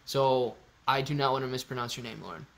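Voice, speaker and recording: A man hosting a casual live stream, chatty and excitable, talking straight to his viewers. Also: medium pitch, a little fast, gravelly. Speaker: livestream host.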